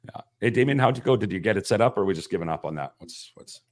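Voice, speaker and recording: A man with a very low voice hosts a live podcast stream. His pitch swings widely as he banters, and he jokes and swears freely. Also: lively intonation, very fast. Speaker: podcast host. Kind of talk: casual live-stream chat.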